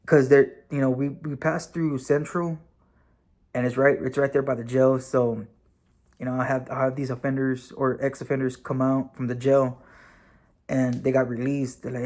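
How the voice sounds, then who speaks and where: A man's voice: medium pitch, moderate pace. A man recording a vlog, telling a personal story casually with many fillers and the odd swear word. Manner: relaxed and conversational, with frequent fillers and occasional swearing. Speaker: vlogger and former correctional officer, now bus driver.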